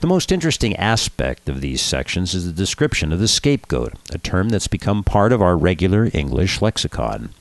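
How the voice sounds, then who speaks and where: Low-voiced rabbi host, lively ups and downs, dry close sound. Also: male voice, brisk, vocal fry, hardly any pauses, no echo. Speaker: radio show host and rabbi. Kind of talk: conversational radio talk and joke telling.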